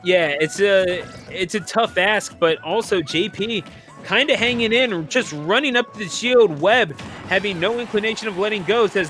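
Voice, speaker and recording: A man commentating an online video game tournament play-by-play, excitable and joking, laughing often. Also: high-pitched, normal speed, soft background music. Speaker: esports commentator.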